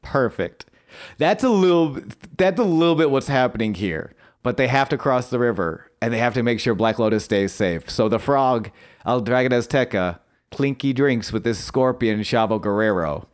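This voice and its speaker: A man in a relaxed podcast chat walks through what happened on screen, keen and talkative. His voice sits at an ordinary middle pitch, and he often stops and restarts his sentences with little fillers. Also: normal speed. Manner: eager storytelling recap with fillers and restarts. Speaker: podcast co-host. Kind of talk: casual recap chat.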